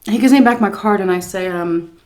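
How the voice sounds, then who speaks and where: A woman's voice: medium pitch, a little fast, a little mellow. A woman vlogger chatting casually while she eats, telling a story and mimicking the people in it. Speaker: mukbang vlogger.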